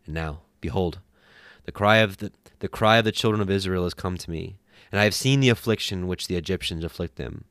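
A man reads out the solemn voice of God from a burning bush, low, slow and commanding. It is a storybook reading in a dry, close sound with no room around it. The tone stays grave and steady throughout. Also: no room sound.

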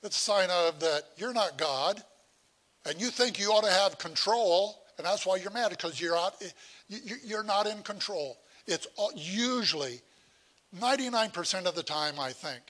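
A man's voice: sits high, lively intonation, measured pace, fairly bright tone. A middle-aged man preaching a sermon as pastor, folksy and conversational, with asides to the congregation.

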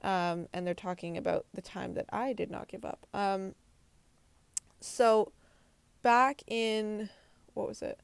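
Young female host, earnest casual chatter, fillers and restarts, crisp voice. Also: medium pitch, fairly even intonation, slow, long pauses, no room sound. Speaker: podcast host. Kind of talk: casual spiritual talk to listeners.

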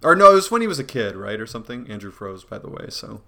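A man's voice: medium pitch, sing-song, quick pace, gravelly, pushed and bright. A man co-hosting a podcast over a video call, joking and teasing in casual chat and laughing often. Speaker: podcast co-host.

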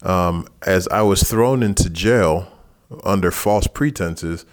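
A man teaching a Bible passage in a relaxed, conversational sermon, who rises in pitch for lively asides. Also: takes it slowly. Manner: casual and animated, jumps higher in pitch for asides. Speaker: pastor.

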